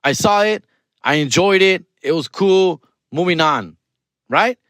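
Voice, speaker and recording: A man in his forties, a podcast host with a Californian accent, telling a self-mocking story in an animated, slangy way. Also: sits high, a little slow, no echo. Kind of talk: casual comedic monologue.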